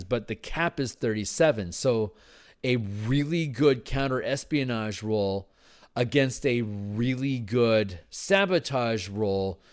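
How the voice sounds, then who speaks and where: A tired man working through game design on a livestream, thinking aloud with halting restarts and repeats. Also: mid-range voice. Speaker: game designer streaming his work.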